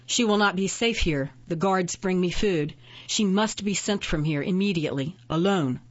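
A woman's voice: fairly low pitch, normal speed, no room sound, highs cut off, natural voice. A woman voicing a proud, defiant imprisoned witch who answers with cold, cutting retorts, in a storybook reading. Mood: scornful.

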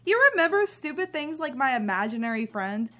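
An actress playing a bitter, cynical grown daughter who talks with sarcastic scorn. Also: female voice, sits high, big pitch swings, fairly quick, fairly bright tone. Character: bitter cynical adult daughter living at home. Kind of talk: drama scene.

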